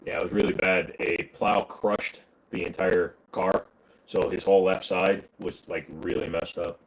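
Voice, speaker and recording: A man's voice: low voice, little pitch movement, a little slow, low-quality recording. Man bantering crudely with his chat. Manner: crude joking banter, talking back to chat. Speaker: livestream host answering chat questions. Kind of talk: casual livestream chat.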